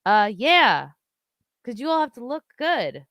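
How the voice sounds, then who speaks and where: A woman's voice: fairly high pitch, big pitch swings, a little slow, no room sound, highs cut off. A woman hosting an opinionated commentary show, ranting with sarcasm and profanity. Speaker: host.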